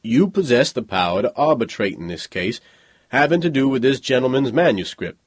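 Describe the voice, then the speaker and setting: A respectful bodyguard speaks in a coaxing, deferential way, as a man acts him out. The tone is husky with a lively pitch. The sound is dry and close. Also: moderate pace, no echo.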